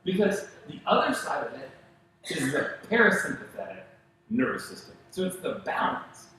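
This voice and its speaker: A male pastor preaching a sermon, telling stories in an animated way and acting out the voices of the people he quotes. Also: on the high side, moderate pace, heavy reverb, a little hiss or hum, low-quality recording. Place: church sanctuary.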